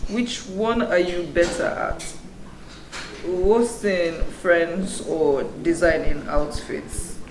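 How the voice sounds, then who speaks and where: A man's voice: high voice, steady tone, slow pace. A man interviewing a comedian casually, asking playful questions and laughing along. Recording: echoey room, clear background noise.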